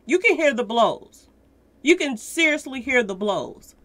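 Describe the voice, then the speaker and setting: Bright-voiced woman giving emphatic commentary. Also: high-pitched, sing-song, unhurried. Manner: emphatic, repeats points, keeps addressing viewers directly. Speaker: commentary channel host. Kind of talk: casual news commentary to viewers.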